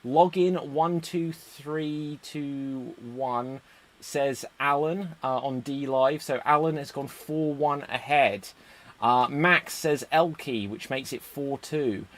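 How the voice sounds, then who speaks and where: An English man hosting a live-streamed improv comedy show, brisk and upbeat as he reads out audience votes. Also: medium pitch, a bit bright. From England.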